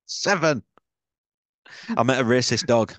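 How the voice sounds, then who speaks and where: A man's voice: medium pitch, a little slow, no room sound. A British man, a podcast co-host, chatting casually and telling stories with lots of swearing. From Britain. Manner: swears a lot, animated storyteller. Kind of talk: casual chat.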